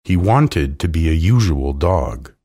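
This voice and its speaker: A man reading a children's storybook aloud slowly and expressively. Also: extremely low pitch, lively intonation, mellow, husky. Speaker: narrator.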